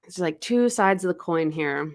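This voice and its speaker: A woman's voice: fairly low pitch, expressive, normal speed. A woman co-hosting a podcast, casually retelling a novel's plot and acting out bits of dialogue. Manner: retells the plot in quoted snippets, loose and chatty. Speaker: podcast co-host. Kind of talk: casual book recap chat.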